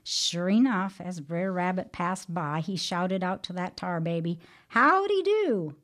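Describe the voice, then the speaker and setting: A woman teaches faith on the radio in a measured, plain-spoken way. Her voice sits a little low and she stays earnest throughout. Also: steady tone. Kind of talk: devotional teaching and storytelling.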